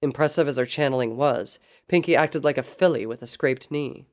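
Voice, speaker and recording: A narrator reading a fan fiction story aloud in steady, even storytelling. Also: medium pitch, moderate pace, hardly any pauses.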